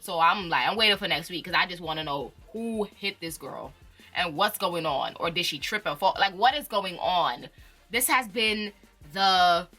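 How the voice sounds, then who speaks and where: A woman's voice: mid-range voice, pushed and bright. A woman hosting her own channel, reviewing reality TV in a chatty, slangy way and laughing often. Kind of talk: casual chat.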